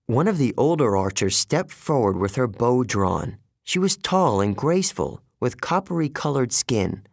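A man reading an audiobook in first person, his delivery full of lively rises and falls. His voice sits at an ordinary pitch, and the recording is dry and close with no room sound. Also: normal speed, vocal fry, dry recording. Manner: expressive first-person storytelling. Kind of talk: audiobook narration.

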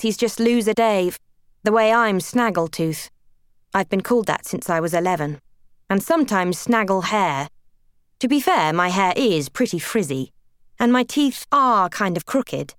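A young woman reading a first-person novel aloud, wry, lively and expressive. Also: medium pitch, clean tone, no echo, clean studio sound. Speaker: audiobook narrator.

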